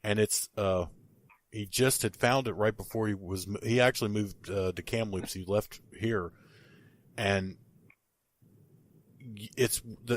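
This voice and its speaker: A man, a paranormal investigator, telling a story in casual podcast talk, rambling with many restarts and fillers. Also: fairly low pitch.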